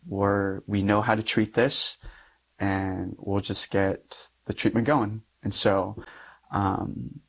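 A young adult man who is a Catholic priest shares a personal testimony in conversation, voicing the dialogue of his story and laughing lightly and often. His voice sits on the low side.

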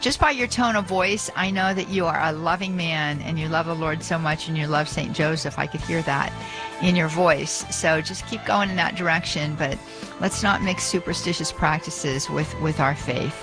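A man's voice: a little high, moderate pace, poor audio. A man hosting religious talk radio, chuckling often and kindly setting a caller straight. Faint music sits under his voice. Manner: warm, laughing, gently correcting. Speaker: radio host.

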